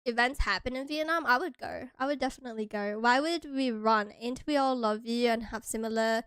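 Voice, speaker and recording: A woman's voice: a little high, brisk, a bit bright, clean tone, no room sound, clean studio sound. A young woman from Hawaii chatting casually on a stream, bubbly and giggly, sometimes breaking into squeals.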